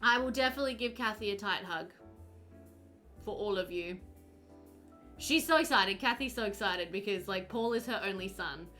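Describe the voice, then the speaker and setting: This young female streamer has a mid-range voice and a moderate pace broken by long pauses, with faint music in the background. While playing a game, she casually reads her live chat aloud, chatty and warm, giggling frequently.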